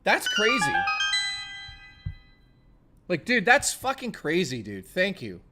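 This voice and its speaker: A man with a high voice and huge pitch swings speaks slowly over loud music. Casually chatting on a live stream, he rambles emotionally, stammering and swearing, on the verge of tears.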